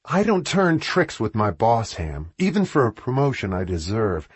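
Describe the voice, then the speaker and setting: A man voicing a sharp, sarcastic woman who is angry with her boss in an audiobook, speaking in a raised voice. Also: mid-range voice, wildly swooping pitch, moderate pace, breathy edge, no echo. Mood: furious sarcastic. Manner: biting, sarcastic delivery.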